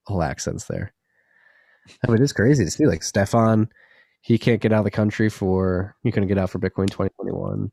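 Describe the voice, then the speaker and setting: A man's voice: low voice, a little fast, vocal fry, warm tone, no room sound, clean studio sound. A man co-hosting a podcast in loose, rambling, profane casual chat. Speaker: podcast co-host.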